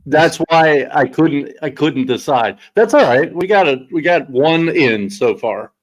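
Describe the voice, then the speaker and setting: A man's voice: a little high, animated, a little slow, rough recording. A man co-hosting a live sports betting show, thinking aloud about odds with hesitant restarts in casual banter.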